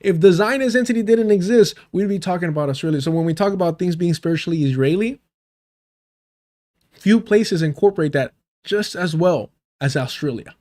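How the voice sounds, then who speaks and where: Man, livestream host, reaction commentary, sarcastic, profane, fairly high voice. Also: fairly quick, a little mellow. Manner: addresses chat directly.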